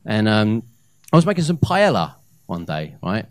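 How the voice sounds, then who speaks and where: Animated man doing live stand-up. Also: fairly low pitch, normal speed, dry recording, clean studio sound. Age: 30s. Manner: animated, with hesitant fillers and loud punchlines. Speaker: stand-up comedian. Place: comedy club stage. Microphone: handheld stage mic.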